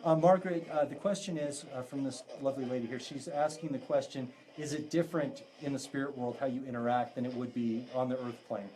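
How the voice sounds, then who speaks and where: Man, psychic medium, ghost hunt host, chatty, laughs a lot, mid-pitched voice. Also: a little fast, few pauses. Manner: relaxed, chatty, laughs often, relays spirit answers. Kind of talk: live ghost box session with a group. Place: indoors in a historic house with a group.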